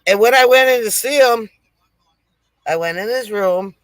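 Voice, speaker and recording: A woman's voice: on the high side, normal speed, no echo, rough recording. A woman hosting a casual live stream, chatting with viewers, reading their comments aloud and laughing at her own jokes. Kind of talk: casual live stream chat and joke telling. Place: home setup near a lake.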